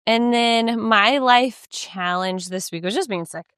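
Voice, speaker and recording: A woman's voice: a little high, measured pace, fairly bright tone, clean tone, dry recording, clean studio sound. Chatty woman rambling through a story. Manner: rambling, filler-heavy storytelling. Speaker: podcast co-host. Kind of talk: casual chat. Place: outdoors, walking by a lake.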